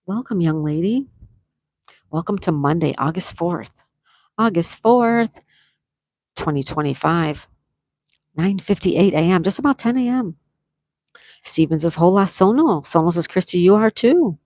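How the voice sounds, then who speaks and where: A woman hosting a casual livestream, reading viewers' comments aloud and thanking them by name with warm enthusiasm. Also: lowish voice, lively intonation, moderate pace, pauses often, no room sound. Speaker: livestream host. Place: at home with a view, morning tea.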